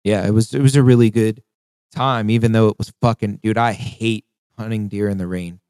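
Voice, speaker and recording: A man hosting a casual podcast, cursing often and reliving a hunting trip in a lively, laughing way. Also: fairly low pitch, a little fast, clear, resonant tone, dry recording. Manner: profane, animated retelling with acted quotes. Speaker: podcast host. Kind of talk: casual storytelling chat.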